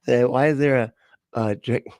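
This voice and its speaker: This livestream host reacts to videos, rambling and joking in a casual, profane chat full of swearing and frequent laughter. His mid-range voice is a little mellow, moves at a moderate pace, and keeps a fairly even intonation. There's no room sound.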